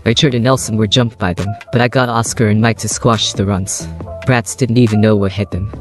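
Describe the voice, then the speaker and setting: A man's voice: on the low side, steady tone, brisk, faint music behind, lightly acted. A man voicing a young vampire hero who mimics a female mercenary, giving a matter-of-fact report.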